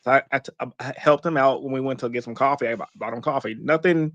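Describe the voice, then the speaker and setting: A man's voice: mid-range voice, fast, a bit bright, dry recording, lo-fi sound. A middle-aged man on a podcast, telling a story with lots of swearing and laughter. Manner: profane storyteller, laughs often. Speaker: podcast guest. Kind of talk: casual podcast chat.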